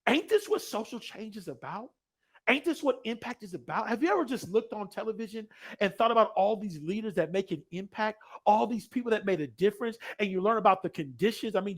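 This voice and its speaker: Man, high voice, motivational speaker, energetic, loud bursts, hushed passages. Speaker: keynote speaker. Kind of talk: motivational speech. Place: large room, live audience.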